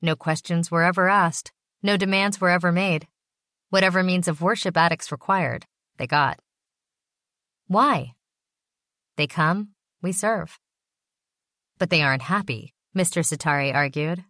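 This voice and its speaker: A woman narrating an audiobook in a steady, even reading voice. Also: fairly low pitch, measured pace, long pauses, dry recording, studio quality.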